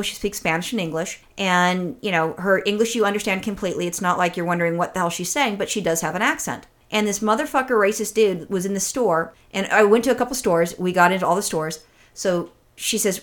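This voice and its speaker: A woman's voice: medium pitch, quick pace, a bit bright. Profane storytelling woman podcaster. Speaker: podcast co-host. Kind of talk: casual chat.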